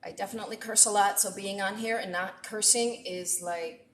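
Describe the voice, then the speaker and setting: Talkative middle-aged woman chef streaming from her home kitchen, boomy room sound. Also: fairly even intonation, moderate pace, slight background noise. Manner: talkative, chatty, thanks viewers often. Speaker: chef and cooking live-streamer. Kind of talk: live-streamed cooking chat. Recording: echoey room.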